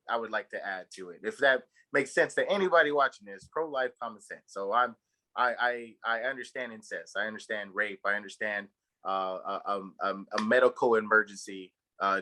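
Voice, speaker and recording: A man's voice: fairly low pitch, brisk, bright, forceful tone, rough recording. A man from Texas co-hosting a podcast, telling a long story in a rambling way, full of fillers and swearing. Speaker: podcast co-host. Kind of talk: casual chat.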